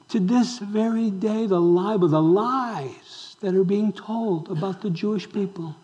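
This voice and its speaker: Pastor guy preaching, pretty high voice, keeps firing questions at the crowd, gets loud then drops way down quiet. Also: measured pace, few pauses, dull audio. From raised Roman Catholic. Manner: emphatic preaching with rhetorical questions to the congregation; swings between loud exclamations and hushed near-whispers. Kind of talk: sermon.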